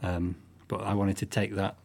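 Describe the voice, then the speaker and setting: Soft-spoken low-voiced Englishman from the north. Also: level tone, moderate pace, creaky. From northwest England. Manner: thoughtful, with frequent restarts and soft fillers. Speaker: guest musician. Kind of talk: casual interview.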